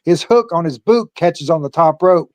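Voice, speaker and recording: An older former pro wrestler telling stories in a casual interview, halting often with fillers and laughing along the way. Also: male voice, on the high side, expressive, dry recording.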